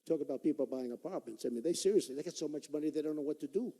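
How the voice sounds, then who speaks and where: On stage in a large performing arts hall, a man in his sixties delivers a campaign rally speech, his slightly high voice rapid-fire and dark in tone. The candidate speaks in a repetitive, boastful, conversational manner, and the hall's long reverb trails his words.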